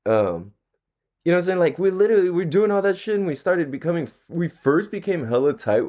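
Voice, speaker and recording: A man's voice: a little high, big pitch swings, fairly quick, a little mellow. A man hosting a casual solo podcast, talking in a laid-back, slangy and profane way and laughing often. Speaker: podcast host.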